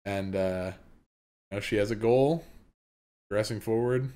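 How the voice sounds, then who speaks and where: A man with a somewhat low voice co-hosts a podcast about comics. He talks in a relaxed, easygoing way. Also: unhurried. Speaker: podcast co-host. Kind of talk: casual manga review chat.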